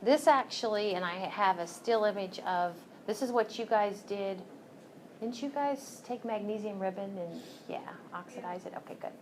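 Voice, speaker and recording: A woman's voice: mid-range voice, moderate pace, a little hiss or hum. A woman teaching chemistry in a recorded lecture, chatty and self-correcting, with joking asides to her students. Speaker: chemistry instructor.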